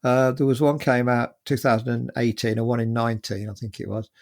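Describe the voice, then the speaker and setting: An English man in his seventies, with a gravelly, rough-edged voice, rambles through his stories in an easy interview chat. His pitch sits in a plain middle range. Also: flat delivery, a little fast, darkish tone. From England. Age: 70s. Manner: chatty, rambling with many fillers. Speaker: guest musician. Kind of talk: casual anecdotal storytelling.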